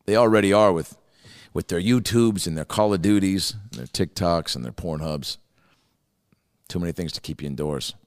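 A man's voice: extremely low pitch, no room sound, clean studio sound, long reverb tail. A man, a comedian hosting a podcast, rambling in a profane, casual monologue. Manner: profane, rambling, swears a lot.

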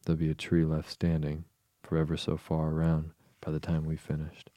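A man's voice: a bass voice, monotone, moderate pace, dark tone, no room sound. A man voicing a boastful fussy twin brother.

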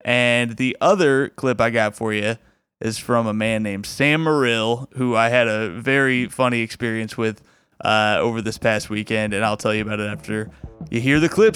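A man's voice: medium pitch, steady tone, moderate pace, fairly bright tone, smooth, no room sound, studio quality, faint music behind. A man hosting a podcast, chatting casually and rambling a little as he sets up clips. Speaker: podcast host.

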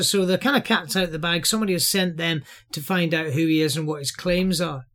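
A man teaches from the Bible in an earnest, sermon-like way. His voice sits high for a man, and he explains each point with steady emphasis. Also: a little fast.

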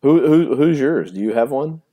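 A man's voice: medium pitch, animated, moderate pace, phone-quality sound. A man co-hosting a casual sports talk show, rambling with lots of fillers and laughs. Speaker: podcast co-host.

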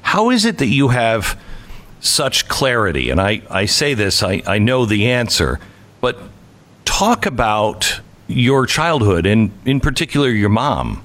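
A man's voice: mid-range voice, sing-song, a little slow, a bit bright. A man hosting a podcast, asking his guest questions in a conversational way. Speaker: podcast host. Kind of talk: interview conversation.

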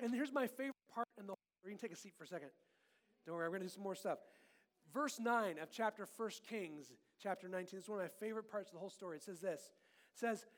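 Man, very high voice, animated children's pastor leading a playful sermon with kid volunteers. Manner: animated, playful, swings between loud and hushed.

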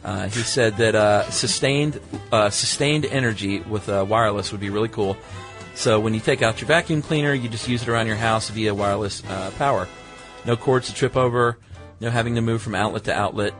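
A man's voice: fairly low pitch, fairly quick, few pauses, fairly bright tone, faint music behind. Easygoing middle-aged male podcast host. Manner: easygoing, reads listener mail. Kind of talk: casual chat.

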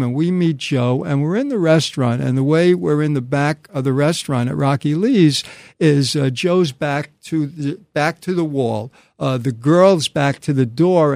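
Casting: male guest storyteller, slightly high voice, lively and chatty, dry close mic. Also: no room sound. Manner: animated storyteller, quoting others in dialogue. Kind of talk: casual anecdote telling.

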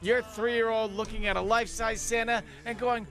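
A man's voice: high-pitched, flat delivery, moderate pace, a bit bright, soft background music. A man hosting a radio show, wisecracking in casual banter. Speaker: radio host.

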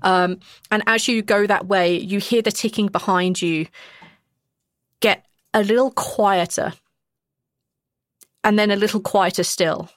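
A woman's voice: medium pitch, fairly even intonation, unhurried, pauses often, no echo, clean studio sound. A woman narrating as game master in a casual tone, full of fillers. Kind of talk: narrating a tabletop role-play.

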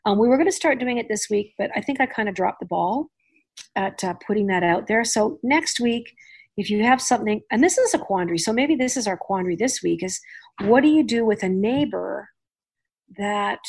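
A middle-aged woman hosting a podcast, chatting in an animated way and laughing easily. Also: medium pitch, moderate pace, gravelly, husky. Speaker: podcast host. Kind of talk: casual chat.

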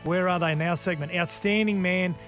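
A man's voice: high voice, fairly even intonation, moderate pace, fairly bright tone, faint music behind. A man hosting a sports radio show, chatting casually and reading out listener texts.

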